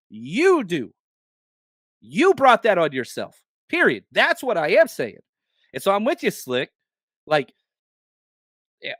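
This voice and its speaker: A man's voice: high-pitched, a bit bright, no room sound, clean studio sound. Heated man ranting on a sports podcast. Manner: heated, blunt, swears, stammers when worked up. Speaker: podcast host. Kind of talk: live sports podcast rant.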